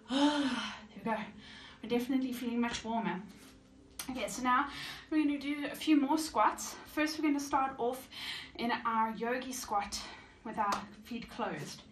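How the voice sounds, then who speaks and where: Slow-paced woman leading a yoga class. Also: on the high side. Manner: calm counting cues while exercising. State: slightly out of breath. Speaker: yoga teacher. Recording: echoey room, mic far off, faint hiss.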